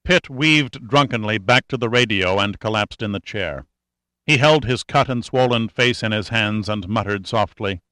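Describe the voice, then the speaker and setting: Man narrating, low voice, forceful, dry, steady and tense. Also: normal speed, dry recording. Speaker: audiobook narrator. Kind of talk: scripted narration.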